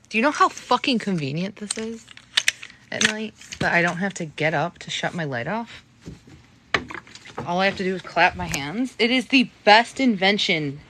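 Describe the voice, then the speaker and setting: A woman's voice: lowish voice, background noise. A sleepy young woman rambling and swearing casually while livestreaming from bed on her phone at night. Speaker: live streamer. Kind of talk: late-night livestream chat. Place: in bed in a bedroom.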